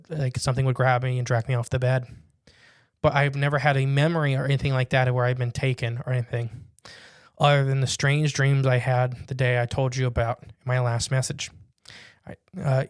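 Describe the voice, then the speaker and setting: A man co-hosting a casual podcast, reading a listener's written story aloud and breaking in with quick jokes and asides. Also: mid-range voice, smooth, no echo, clean studio sound.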